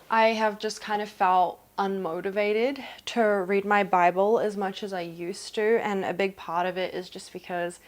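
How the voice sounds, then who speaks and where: Young woman from new zealand, gushy unboxing vlog, mid pitch, lots of gasps. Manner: excitable and gushing, with gasps. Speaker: vlogger.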